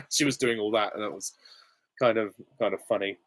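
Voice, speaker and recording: A man's voice: on the low side, a bit bright, no room sound, studio quality. A young adult man hosting a casual live Q&A, reading out chat questions and giving short, offhand, easygoing answers. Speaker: channel host.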